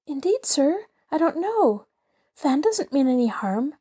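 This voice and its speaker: Woman voicing a young girl, timid, earnest, high anxious voice, mellow, storybook. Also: big pitch swings, a little slow. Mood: anxious pleading.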